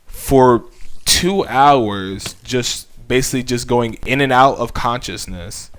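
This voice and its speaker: A man's voice: medium pitch, slow, fairly bright tone, smooth. A young man, a YouTuber, speaking earnestly and conversationally as he shares a personal faith testimony. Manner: earnest, heartfelt, conversational with frequent fillers. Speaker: YouTuber sharing his faith.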